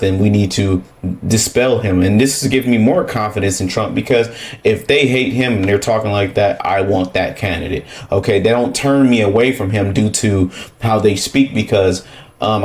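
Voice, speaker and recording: A man's voice: lowish voice, a little mellow. A man giving casual reaction commentary, emphatic and rhetorical, often tagging his points with a questioning "okay?".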